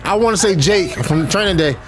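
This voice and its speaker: A young man hosting a casual video reaction, excitable and joking with frequent exclamations. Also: high voice, brisk, a faint crowd. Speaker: host. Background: trailer music playing.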